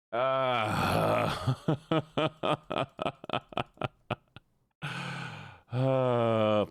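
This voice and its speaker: Male streamer, low-ish voice, teasing casual chat, dry close mic. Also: no room sound. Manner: playful, teasing, greets chat by name. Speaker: livestreamer.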